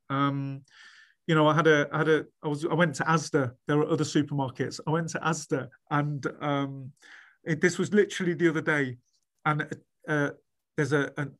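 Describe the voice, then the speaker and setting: A man, a head teacher being interviewed, chatting animatedly with many restarts and acting out what others said. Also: a little high. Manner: animated storyteller, many restarts, acts out quoted speech. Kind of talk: casual podcast interview.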